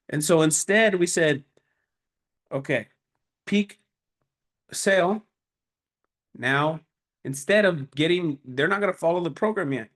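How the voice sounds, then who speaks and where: A man coaches business owners in a loose, animated way, building each point like a story. His voice sits a little above the usual male range and he leans hard on short emphatic words. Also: on the high side. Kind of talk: casual motivational talk to camera.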